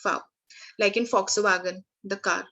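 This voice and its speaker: Slow-paced woman tutoring language. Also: mid-range voice, a bit bright, rough recording. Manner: slow and careful, frequent fillers and restarts. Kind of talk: online lesson, reading word lists.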